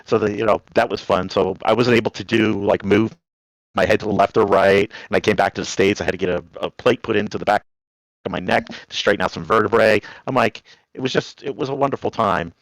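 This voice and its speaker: A caller from New Jersey, speaking a little fast in a lowish voice, wanders through casual anecdotes with lots of animation, imitating the voices of those involved. There's no room sound, though the audio is poor.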